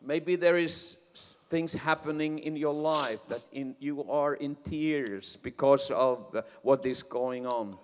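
A man interpreting a sermon in a large church hall, halting and emphatic. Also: fairly high pitch, slight background noise. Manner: halting, emphatic, swelling into loud praise. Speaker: interpreter for the preacher. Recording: long church reverb.

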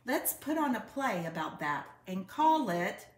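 Woman doing an eager storybook boy cub, protesting, lively up-and-down voice, roomy echo. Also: medium pitch, unhurried.

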